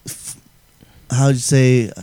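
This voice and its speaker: A man's voice: medium pitch, flat delivery, takes it slowly, dark tone, clear, resonant tone, no room sound. A man on a casual podcast, hesitant, tossing in joking asides. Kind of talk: casual chat.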